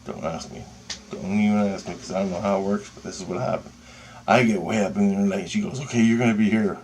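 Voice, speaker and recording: A man telling a personal story in a casual, excitable and profane way, with pauses and restarts. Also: low-pitched, a little hiss or hum.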